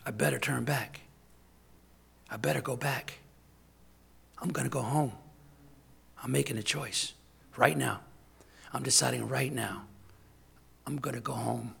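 A man's voice: mid-range voice, fairly even intonation, measured pace, creaky, pauses often, fairly bright tone, breathy edge. A man serving as deacon, preaching a sermon in an emphatic, conversational way, with lots of repetition.

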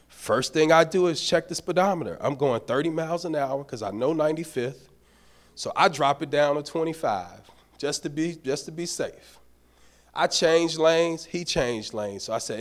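A man serving as a deacon, preaching a sermon in a church. He tells a folksy personal story in an animated way and speaks straight to the congregation. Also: on the high side, moderate pace. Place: church sanctuary.

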